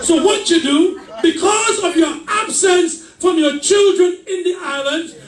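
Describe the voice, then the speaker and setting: A man preaching a fervent sermon in a church, shouting his points with call and response. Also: extremely high pitch. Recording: echoey church mic from far off.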